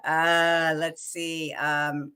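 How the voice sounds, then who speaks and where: A woman with a bright, forceful voice, chatting casually as co-host of a live fan show. She talks in an animated way and keeps breaking into quoted movie lines with a laugh. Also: sits low, drawn-out words, clear, resonant tone.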